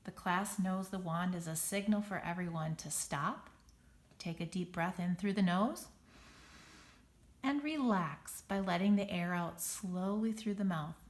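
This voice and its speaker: A woman reading a children's story aloud in clear, even storytelling. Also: on the low side, unhurried. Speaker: storybook reader.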